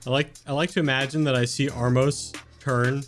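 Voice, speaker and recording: A man's voice: medium pitch, fairly quick. A man playing a tabletop game, telling what his character does with lots of laughter. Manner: laughing, animated storytelling. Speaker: player. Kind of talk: casual tabletop game chat. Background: background music.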